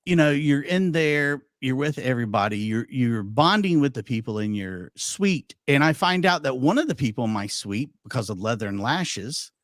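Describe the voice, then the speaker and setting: Animated, lively man telling stories. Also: medium pitch, no echo, studio quality. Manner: animated, chatty anecdote-telling with quoted dialogue. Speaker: podcast host. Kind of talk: casual chat storytelling.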